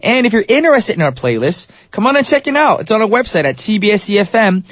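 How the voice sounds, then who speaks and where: A man's voice: high voice, big pitch swings, fast talker, fairly bright tone, no echo. A man hosting a morning radio show from a studio, upbeat and chatty with casual slang. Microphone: studio microphone.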